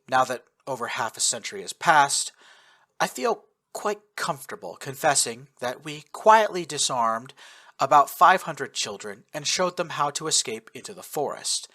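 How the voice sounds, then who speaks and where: Bright, lively male storyteller. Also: mid-range voice, moderate pace. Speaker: narrator. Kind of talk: first-person audiobook narration of fan fiction.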